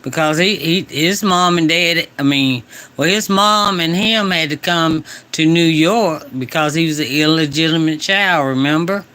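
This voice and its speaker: A man co-hosts a live commentary stream in a laid-back, amused way. He talks very slowly. His voice is bright and clean. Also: fairly high pitch, clean tone. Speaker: co-host.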